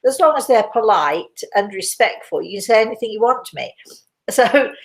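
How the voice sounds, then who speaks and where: A woman's voice: medium pitch, lively intonation, normal speed, creaky. Older british lady chatting away on a livestream, rambly and giggly, medium voice. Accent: British English. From Britain. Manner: chatty, rambling, laughs often. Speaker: host. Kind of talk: casual livestream chat with audience questions.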